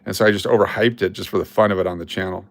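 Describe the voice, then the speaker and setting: Gravelly man hosting a coin livestream. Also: low-pitched, very fast, no room sound. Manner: excitable, hypes finds, chats with viewers. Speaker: coin roll hunting livestream host. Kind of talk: casual live-stream chat.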